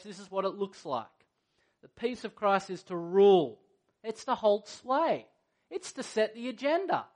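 A man's voice: high voice, fairly bright tone. Earnest man preaching a sermon. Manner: earnest, conversational preaching with rhetorical questions. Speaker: pastor.

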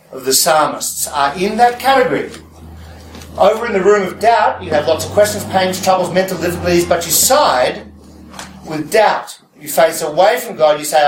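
A man's voice: high-pitched, expressive, normal speed, roomy sound, recorded from a distance, a little hiss or hum, rough recording. A man preaching a conversational sermon, often checking in with his listeners through rhetorical questions.

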